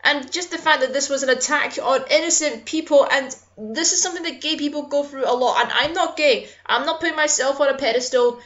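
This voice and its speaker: High-voiced impassioned woman ranting. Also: fairly quick, few pauses, a bit bright, muffled recording. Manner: impassioned, swearing, apologizing for getting angry. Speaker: YouTuber. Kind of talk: personal vlog rant.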